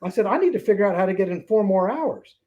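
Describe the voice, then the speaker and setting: Heard over a phone-quality line, a man in his sixties speaks in a high-pitched, animated voice at a quick clip. He's a podcast guest in a casual interview, telling anecdotes and doing the voices of the people in them.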